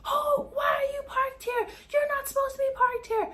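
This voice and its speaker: A woman voicing a furious, aggressive stranger who scolds a driver in a shrill, drawn-out, accusing way. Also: steady tone, pushed and bright.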